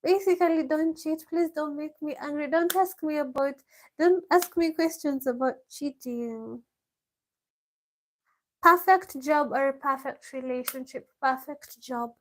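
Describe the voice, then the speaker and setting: High-pitched, slow-talking woman vlogger. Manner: reads questions aloud then answers, laughs often. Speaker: vlogger answering viewer questions. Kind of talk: casual live-stream Q&A. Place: village home.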